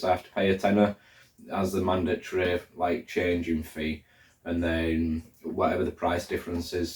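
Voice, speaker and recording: Man, deep voice, rambling casual vlog chat, recorded a bit away from the mic. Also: darkish tone, distant mic, slight background noise. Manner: rambling, thinks aloud with fillers. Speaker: hiker vlogger. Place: indoors, room where he is drying socks under a fan. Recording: echoey room, voice off-mic.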